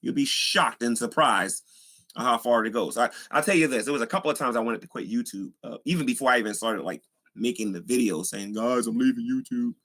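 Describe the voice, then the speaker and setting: A man's voice: mid-range voice, brisk, sharp tone. A man who does street evangelism, talking casually and earnestly about faith, rambling with many fillers. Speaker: Christian YouTuber, street evangelist. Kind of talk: casual preaching talk.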